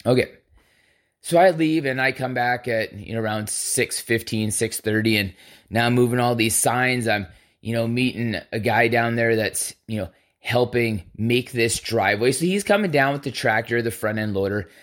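A man's voice: mid-range voice, moderate pace, a bit bright. A man hosting a podcast, telling a heated personal story in a casual, profane way and acting out the quoted dialogue. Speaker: podcast host.

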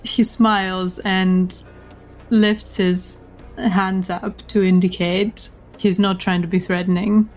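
Lady running a tabletop game, slow unhurried narration, faint music under it. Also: mid-range voice, level tone, darkish tone. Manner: slow, measured narration with frequent laughter. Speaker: game master.

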